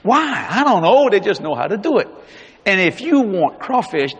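A man preaching a sermon as pastor, animated, swinging between loud and hushed. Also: high voice, brisk. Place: large church hall. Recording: long reverb of a large hall.

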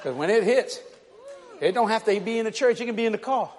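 A middle-aged man preaches a humorous storytelling sermon to a congregation in a church hall, laughing often and acting out the characters in his funny stories. His high-pitched voice moves quickly with lively intonation, and there's some chatter in the background.

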